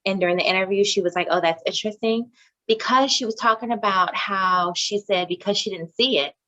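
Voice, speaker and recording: A woman co-hosting a casual chat show, measured and reasoning, often putting questions to her partner. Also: mid-range voice, pushed and bright, muffled recording. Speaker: podcast co-host.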